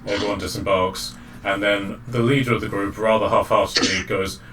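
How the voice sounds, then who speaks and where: A man narrating as game master of a tabletop game, halting often with fillers and restarts. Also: fairly low pitch, fairly even intonation. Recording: distant mic, faint background noise.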